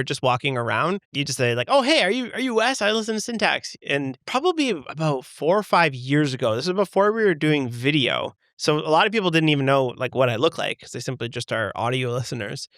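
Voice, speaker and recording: A man, chatting casually as a podcast co-host in a loud voice that carries. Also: mid-range voice, no room sound, studio quality. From Canada. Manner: loud, carrying voice. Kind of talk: casual chat.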